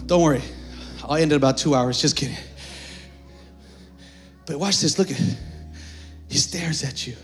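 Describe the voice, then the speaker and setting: A pastor preaching a sermon, moving from joking, conversational asides to shouted, fervent climaxes. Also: male voice, a little high, normal speed, pauses often, soft background music.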